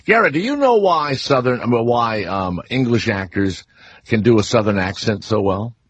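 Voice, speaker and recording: A man's voice: mid-range voice, expressive, moderate pace, a little hiss or hum. A man in his sixties with a New Orleans accent, hosting a casual radio talk show and telling rambling stories full of fillers and restarts. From New Orleans, Louisiana. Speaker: radio host.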